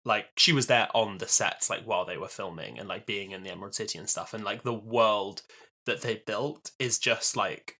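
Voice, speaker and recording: Chatty bright-voiced young man. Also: fairly low pitch, normal speed. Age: 20s. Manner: chatty, laughs often, lots of fillers. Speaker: podcast co-host. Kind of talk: casual chat.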